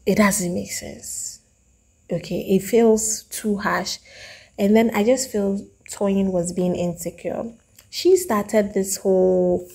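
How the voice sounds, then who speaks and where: A woman's voice: medium pitch, husky. Emphatic woman with a Ghanaian accent. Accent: Ghanaian English. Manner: emphatic, animated, acts out quoted lines. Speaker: reality TV reviewer. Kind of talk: opinionated review monologue.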